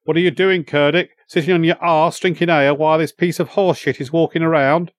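A man reads a raging old warrior father, his voice pushed up high and loud as he roars and spits insults. He growls low between outbursts, ferocious and quick to take offence. The storybook recording is dry and close. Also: steady tone, no echo, close to an everyday voice. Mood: furious. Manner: roaring, growling fury. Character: older male warrior father, ferocious temper.

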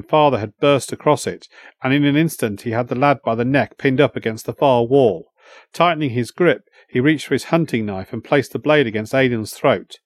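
An audiobook narrator tells a first-person story in a measured, even, middle-pitched voice. The recording is close and dry, with no room sound.

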